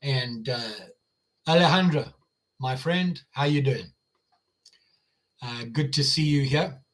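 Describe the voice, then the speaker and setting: A man's voice: medium pitch, takes it slowly, fairly bright tone. An older man with an American Midwestern accent, chatting casually on a live stream as the channel host, rambling with fillers and restarts.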